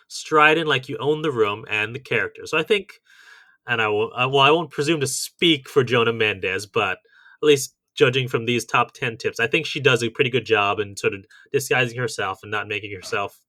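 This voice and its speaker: A male podcast co-host talks in a casual, methodical way, working through a list point by point. His voice has a bright, forceful edge. The sound is dry and close on the podcast mic. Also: mid-range voice, a little fast, no echo. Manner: methodical, reads out lists of tips. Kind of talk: casual chat.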